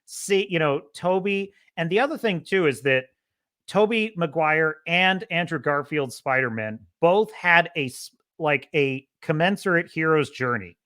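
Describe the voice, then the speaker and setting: A man hosting a casual livestream podcast, opinionated and animated, sliding into heated ranting about culture and movies. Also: on the high side, measured pace. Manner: imitates radio DJ cadence. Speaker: podcast host.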